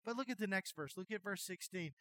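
A middle-aged man preaching a sermon as pastor, telling folksy jokey stories in an animated way. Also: high voice, quick pace, dry recording.

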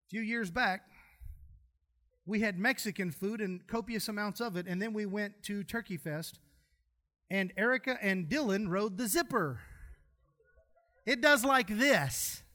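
A man delivers a sermon in a church. His voice sits high and bright. He jokes and tells homespun stories between verses. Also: measured pace, pauses often. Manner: folksy, humorous storytelling preacher. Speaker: pastor.

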